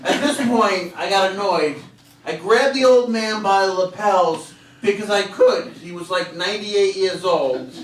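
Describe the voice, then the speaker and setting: A man's voice: high voice, a little slow, distant mic. A man in his forties doing a stand-up comedy set on a club stage, with punchy self-deprecating delivery and acted-out voices, over audience laughter. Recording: echoey club taped from afar.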